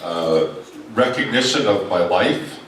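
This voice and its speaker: A man's voice: low-pitched, lively intonation, takes it slowly, fairly bright tone, slight background noise. A man at a reunion, reminiscing about his school days in a wry, self-mocking speech. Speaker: reunion speaker sharing memories. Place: large echoey hall at a reunion. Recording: echoey hall, distant mic, crowd.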